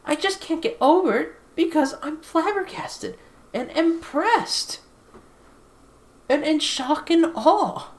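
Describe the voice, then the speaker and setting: A woman's voice: high-pitched, lively intonation, takes it slowly. A woman giving a casual, exasperated film review into a desktop USB microphone while seated at home, repeating herself and swearing. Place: sitting in a chair at home.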